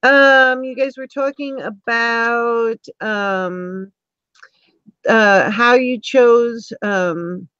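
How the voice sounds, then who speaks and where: A woman hosts a relaxed interview over a video call, talking in a chatty, rambling way full of little ums. She is just over an illness and clears her throat now and then. Her voice sits a bit high and sounds dry and muffled. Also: very slow, no echo. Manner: chatty, warm-toned with filler ums. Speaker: interview host. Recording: dull lo-fi call audio.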